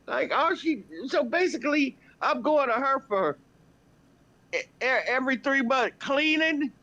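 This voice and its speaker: A woman's voice: high-pitched, animated, a little slow, a bit bright. Blunt, cussing woman on a lo-fi mic. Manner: blunt and profane, venting. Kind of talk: casual chat. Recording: dull lo-fi recording.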